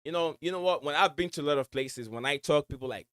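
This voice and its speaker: Smooth-voiced West African man chatting. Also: a little high, fast, fairly bright tone. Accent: West African blended with American. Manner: rambling, repeats words, many fillers. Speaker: livestream host. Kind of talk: casual fan chat reading viewer messages.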